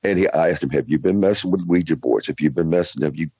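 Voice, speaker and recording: Male radio host, low voice, slightly husky, animated storyteller, lo-fi dry recording. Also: dry recording. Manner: animated, halting restarts, acts out quoted voices. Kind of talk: casual storytelling interview. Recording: dull lo-fi radio audio.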